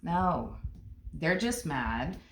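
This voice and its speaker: A woman's voice: low voice, sing-song, drawn-out words, slight background noise. A woman giving a casual tarot reading, blunt and emphatic, repeating her points and swearing freely. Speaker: tarot reader. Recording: roomy echo.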